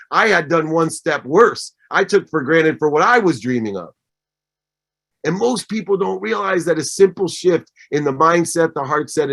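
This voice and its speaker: A man's voice: a little high, fairly bright tone. A man in his fifties giving a motivational talk as guest speaker, emphatic and repeating his points in threes. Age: 50s. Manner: emphatic, repeats phrases in triplets. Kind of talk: motivational speech.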